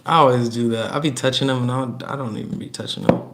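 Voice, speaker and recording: A man's voice: mid-range voice, fast, gravelly, heavy background noise. A man giving a casual, chatty tarot reading to camera, emphatic and prone to repeating himself, with laughs between points. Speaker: tarot reader.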